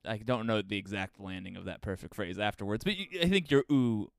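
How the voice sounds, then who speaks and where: A man's voice: lowish voice, brisk, creaky, dry recording. A man in his thirties co-hosting a podcast, telling stories in casual chat and laughing often. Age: 30s. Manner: animated storytelling, laughs often, bursts of sung drum beats. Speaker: podcast co-host.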